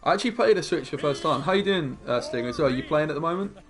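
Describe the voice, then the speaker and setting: A man's voice: on the high side, animated, very fast. A young man streaming a card game, chatting casually with his viewers and muttering about his plays. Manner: chatty, laid-back, mumbles asides to himself.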